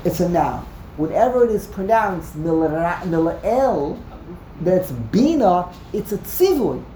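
A man's voice: high voice, lively intonation, a little slow, dark tone, roomy sound, a little hiss or hum. A man teaching a text-study class, explaining emphatically, often repeating words and restarting sentences. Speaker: Torah teacher.

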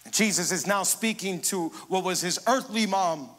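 A man pastor preaching a sermon, emphatic, moving between hushed passages and loud, rising declarations. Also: high voice, normal speed, big-room sound.

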